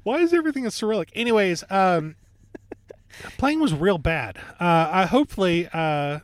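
A man with a slightly raised pitch riffs through a movie review, hedging with fillers and then landing punchy jokes. The recording is dry and close, with no room sound. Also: lively intonation, moderate pace, no echo. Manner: jokey, rambling, lots of fillers. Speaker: podcast co-host reviewing movies. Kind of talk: casual movie review chat.

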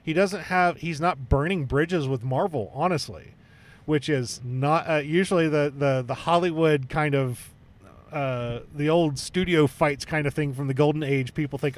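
A man co-hosting a chatty podcast, his voice sitting a bit high. He talks in an animated, jokey way and acts out little bits of dialogue as he goes. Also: moderate pace. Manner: animated, jokey, plays out voices mid-story. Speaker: podcast co-host. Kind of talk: casual chat.

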